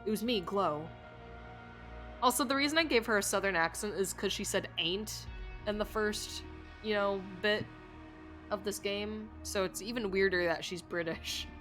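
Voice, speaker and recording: A woman's voice: medium pitch, moderate pace, a bit bright, faint music behind. A young woman streaming a game, reading lines aloud and reacting in a chatty, playful way. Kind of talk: live game commentary and reading dialogue aloud.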